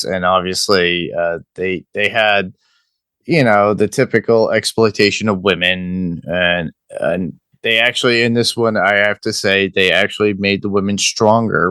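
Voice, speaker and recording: Podcast host, man, low voice, easygoing, lots of "uh", dry close mic. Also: normal speed, clean tone, no echo. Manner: relaxed, many "uh" fillers, thinking aloud. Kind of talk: casual podcast movie chat.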